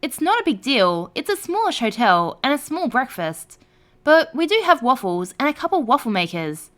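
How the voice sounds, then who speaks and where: High, lively woman reading stories. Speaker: narrator. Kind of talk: reading online stories aloud.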